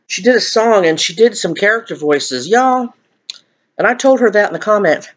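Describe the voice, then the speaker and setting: A man's voice: high-pitched, expressive, normal speed, a bit bright. A middle-aged man in a chatty eating vlog, rambling and laughing as he talks to viewers. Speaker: vlogger. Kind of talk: mukbang chat, eating on camera.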